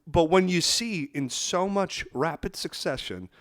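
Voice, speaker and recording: Bright high-voiced giggly man. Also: lively intonation, a little slow. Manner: giggly, reads bad jokes and cracks up. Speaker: podcast co-host. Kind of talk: casual podcast banter.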